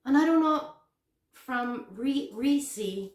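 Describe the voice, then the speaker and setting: A woman in her fifties vlogging casually at home, excitable and repeating herself. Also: high voice, slow pace. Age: 50s. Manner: excitable, repeats phrases, gasps and squeals. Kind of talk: casual unboxing chat. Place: home room, packing. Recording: echoey room, faint noise.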